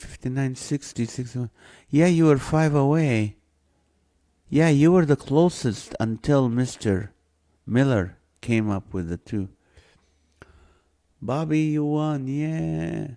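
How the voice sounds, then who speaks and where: A man with a mellow, medium-pitched voice hosts a live stream built around a guessing game. He reads off viewers' names and the numbers they've guessed, keeping it jokey and playful.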